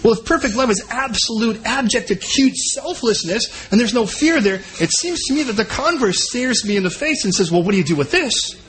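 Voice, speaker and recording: A man preaching a sermon in an animated way, acting out the voices of the people he quotes. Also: very high-pitched, normal speed, few pauses, slight background noise. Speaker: pastor.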